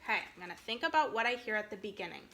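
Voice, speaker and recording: A woman teaching a recorded phonics lesson to kindergartners, speaking slowly and clearly in an encouraging way. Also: mid-range voice, animated, sharp tone. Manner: slow, clear, encouraging teacher talk to young children.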